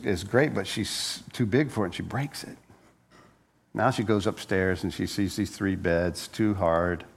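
A man preaching a conversational sermon as a pastor, joking and telling stories, often repeating words as he goes. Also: on the low side. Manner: playful, joking storyteller; frequent word repeats.

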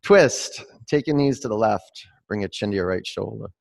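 Low gravelly yoga teacher. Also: male voice, lively intonation, normal speed. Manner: rambling and laughing between pose cues. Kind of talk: live-streamed yoga class with chatty asides.

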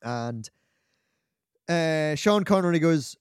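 A man co-hosting a casual film chat, animated and swearing as he acts out movie quotes. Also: fairly high pitch, slow, long pauses, clear, resonant tone, no room sound, clean studio sound. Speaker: podcast co-host.

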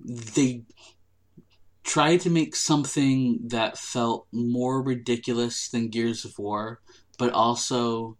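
A man's voice: mid-range voice, fairly even intonation, slow pace. A man appearing as a guest on a podcast, enthusiastic and amused in casual chat.

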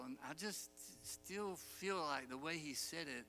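A man preaching a sermon, telling the story with animated asides and acted-out quotes. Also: sits high, unhurried, gravelly, few pauses. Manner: animated storytelling, acts out quoted lines, chuckles. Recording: long hall reverb, faint music.

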